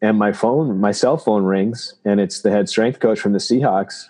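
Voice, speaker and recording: A man, a chiropractor from Canada, telling personal stories in an interview, halting and reflective with many restarts. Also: lowish voice, dark tone. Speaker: guest, chiropractor.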